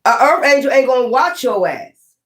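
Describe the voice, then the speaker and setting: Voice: sits high, big pitch swings, moderate pace, a bit bright. A tarot reader giving a casual spoken reading, rambling and profane, using streetwise slang and repeating points for emphasis.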